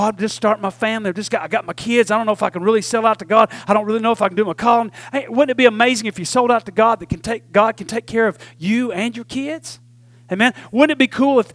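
A man's voice: high voice, fairly bright tone, dry recording. A man, preaching a sermon in a folksy call-and-response manner. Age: 40s. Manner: call-and-response preaching, repeatedly asking "Amen?"; folksy Southern phrasing with "y'all". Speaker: pastor.

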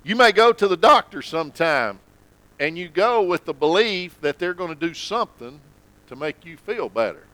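A man preaching a sermon in church, folksy and conversational, sometimes dropping to a low hush for emphasis. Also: expressive, normal speed, poor audio. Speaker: pastor.

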